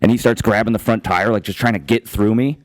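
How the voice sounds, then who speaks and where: A man, hosting a casual podcast chat and telling rambling, profane stories, acting out shouts. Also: on the low side, steady tone, fast talker, dry recording, clean studio sound. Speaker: podcast host.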